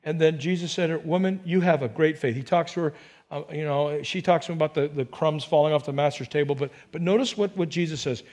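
High-voiced animated preacher man. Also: fairly quick. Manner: animated preaching, voices people in quotes, rises to near-shouts. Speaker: pastor. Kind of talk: sermon.

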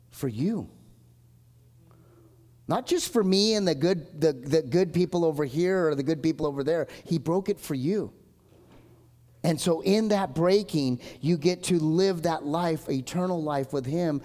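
A man preaches a live sermon with a slightly high voice, earnest and emphatic. He swings from forceful declarations to hushed asides. A long church-hall reverb trails behind every phrase. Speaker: pastor.

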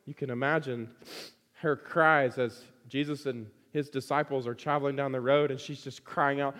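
A man's voice: mid-range voice, moderate pace, a bit bright, big-room sound. A man preaching a sermon to his congregation, emphatic and fond of repeating phrases for stress.

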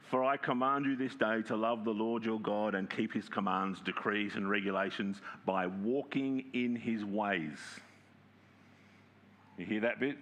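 A man preaching a sermon in a conversational way, often checking in with the congregation and reading scripture aloud slowly with emphasis. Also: on the low side, steady tone, fairly bright tone. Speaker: pastor.

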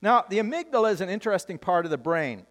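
A man preaching a sermon as pastor, lively and joking, with wide swings in pitch. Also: fast, long reverb tail.

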